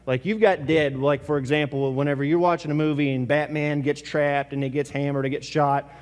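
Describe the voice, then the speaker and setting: Pastor guy preaching, kinda high voice, long church echo, asks the crowd stuff. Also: fairly even intonation, brisk. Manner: conversational preaching with rhetorical questions to the congregation. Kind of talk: sermon. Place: church sanctuary.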